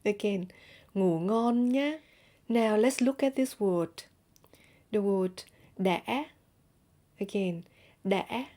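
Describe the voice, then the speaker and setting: A woman teaching a language lesson, saying each example phrase twice, slowly and clearly, for learners. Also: mid-range voice, dark tone.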